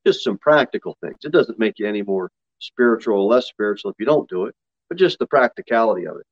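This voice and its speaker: Male pastor, lively pitch swings, folksy sermon delivery, muffled lo-fi recording. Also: quick pace. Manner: folksy, laughing asides between scripture readings.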